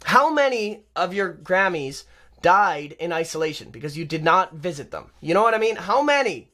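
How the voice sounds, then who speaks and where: Man, young adult, high voice, sarcastic, heated live-stream rant. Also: sing-song, normal speed, pushed and bright. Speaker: show host. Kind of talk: ranting live-stream commentary.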